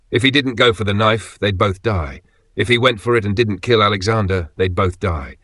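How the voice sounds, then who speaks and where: A man narrating a scripted dark horror story in a steady, grave tone. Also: fairly low pitch, no room sound.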